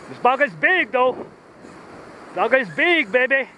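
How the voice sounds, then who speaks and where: A man fishing from the shore, whooping and calling out excitedly as he fights a big fish, with surf and wind behind him. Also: very high-pitched, a little slow. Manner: whooping, shouting with excitement, local slang. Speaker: fisherman. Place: outdoors on the shore by the ocean. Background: waves and wind.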